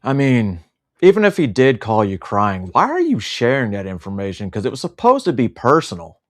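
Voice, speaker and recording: A man's voice: mid-range voice, huge pitch swings, normal speed. A man co-hosting a livestream, speaking in an indignant, sarcastic way. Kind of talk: casual livestream chat.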